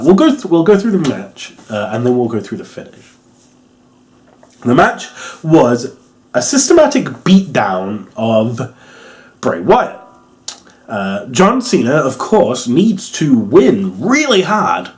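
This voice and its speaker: Rambling, hesitant man reviewing wrestling. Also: medium pitch. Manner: rambling, hesitant, many fillers and restarts; gets excited and loud when joking. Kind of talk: casual commentary review.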